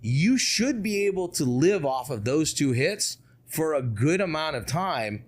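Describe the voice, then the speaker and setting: This is a man speaking as a guest on a podcast interview. He talks casually and with animation, and he drives his points home with rhetorical questions and quick asides. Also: on the high side. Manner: animated, asks rhetorical questions, frequent "you know what I mean".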